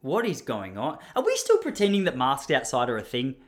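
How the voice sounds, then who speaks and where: A young Australian man telling a story in a casual, mock-indignant monologue. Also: fairly quick. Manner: animated, mock-indignant, jumps up high when acting out others.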